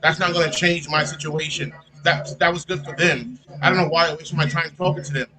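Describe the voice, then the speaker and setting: A man in casual podcast talk who explains his view at length in a steady way. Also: fairly high pitch, a little fast, a crowd in the background, poor audio.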